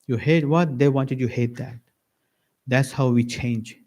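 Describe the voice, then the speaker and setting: Man preaching an animated sermon. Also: measured pace. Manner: animated, acts out little dialogues with varied pitch. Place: mosque lecture hall.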